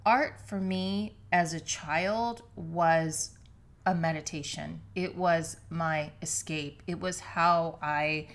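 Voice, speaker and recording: A woman with a deep, low voice talks alone into a podcast microphone while sitting on her living room floor. She is reflective and earnest and often restarts her sentences mid-thought. The tone is that of a personal monologue to her listeners. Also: steady tone, slow. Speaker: podcast host.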